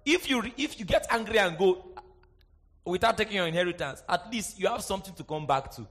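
A man preaching a sermon, swinging from shouted emphasis to quiet asides and often asking the congregation if they are with him. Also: high voice, lively intonation, brisk, breathy edge. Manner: asks the congregation for response, sing-song emphasis.

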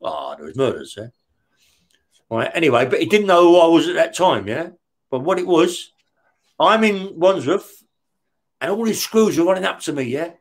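Telling stories in an interview, a middle-aged former career criminal speaks in an expressive, somewhat high voice at a normal speed. Constant swearing, laughter as he goes, and repeated "yeah?" check-ins mark his talk.

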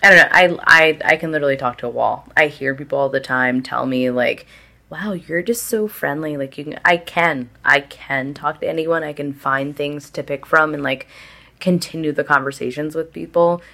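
A woman's voice: deep voice, moderate pace, vocal fry, pushed and bright. A young woman chatting candidly as a podcast guest, full of filler words and casual swearing.

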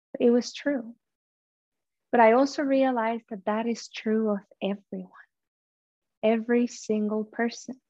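A woman preaching in English, which is not her first language, her voice a little high and earnest. She speaks from the heart, pausing and restarting as she reaches for words. The sound is close and dry but a bit muffled. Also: no echo. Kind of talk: sermon.

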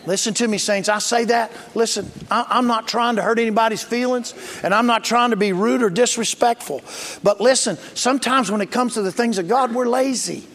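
A man's voice: very high voice, a little fast, fairly bright tone. A man preaching a sermon as pastor, plain-spoken and emphatic, calling for responses from the congregation. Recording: long reverb of a large hall.

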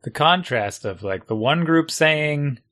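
A middle-aged man who coaches a youth team, talking in a rambling, animated way and acting out what other people say to him. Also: a little high, measured pace. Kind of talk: casual conversation.

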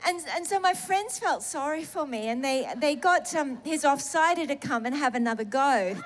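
A middle-aged woman telling a personal testimony in a sermon, animated and self-mocking, laughing through emotional moments. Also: high voice, normal speed, slight background noise. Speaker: preacher sharing a testimony.

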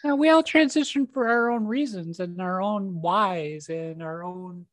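A woman's voice: lowish voice, unhurried, no room sound. A woman hosting a podcast, chatting casually and encouragingly with her guest, using lots of fillers. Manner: warm, encouraging, conversational with many fillers. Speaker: podcast host. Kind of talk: casual chat.

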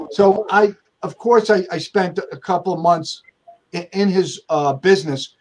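A man's voice: sits high, measured pace, darkish tone. A man from the United States, a firm owner, telling stories in an interview, talking conversationally with many restarts and acting out quoted dialogue. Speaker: accountant and firm owner, guest. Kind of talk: storytelling interview answers.

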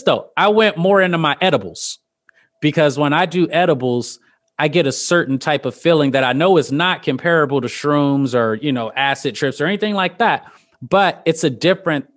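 A young man hosting a podcast, telling stories in a casual chat, animated and laughing as he acts out quotes. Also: medium pitch. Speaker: podcast host.

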